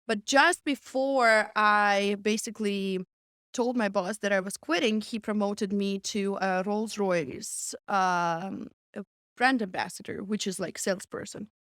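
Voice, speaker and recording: A woman's voice: mid-range voice, a bit bright, dry recording, clean studio sound. A young woman, a comedian guest telling stories in a casual interview and filling her talk with "like.". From Russia. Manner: chatty, frequent "like", laughs often.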